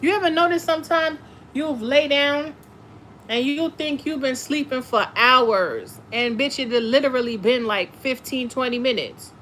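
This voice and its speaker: A woman's voice: high voice, moderate pace, a little hiss or hum. Blunt, profane woman tarot reader. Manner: blunt, profane, animated, reads passages aloud. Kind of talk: casual spiritual chat and card reading.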